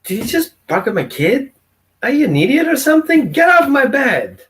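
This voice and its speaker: A man acting out an exasperated dog owner who scolds his dog loudly. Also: extremely high pitch, huge pitch swings, a little slow, voice pushed up, exaggerated voice. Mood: angry scolding. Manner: shouting, scolding. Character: exasperated dog owner, male adult, short-tempered.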